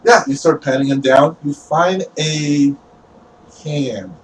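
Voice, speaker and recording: A man's voice: fairly high pitch, slow, slight background noise, rough recording. A man running a tabletop game as game master, narrating loosely with lots of "like" and restarts.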